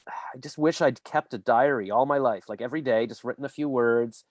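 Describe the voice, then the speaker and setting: A man's voice: medium pitch, brisk, no room sound. Rambling male podcast host, dry sound. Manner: rambling storyteller, many fillers. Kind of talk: casual interview chat.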